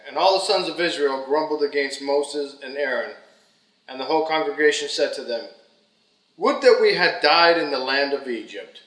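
A man reading a scripture passage aloud in a measured way. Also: on the high side, fairly bright tone, roomy sound, low-quality recording. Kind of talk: read scripture.

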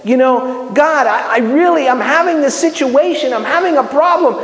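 Man, very high pitch, animated sermon delivery, repeated restarts, roomy hall echo. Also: normal speed. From Miami, United States. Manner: animated, acts out prayers, many restarts. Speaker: bible teacher. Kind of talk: sermon-style teaching. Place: community center hall. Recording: echoey hall with long reverb.

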